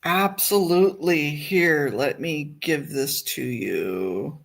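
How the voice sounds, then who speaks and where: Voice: mid-range voice, takes it slowly, gravelly. A livestream host in casual chat, thinking aloud while fumbling with files on a computer.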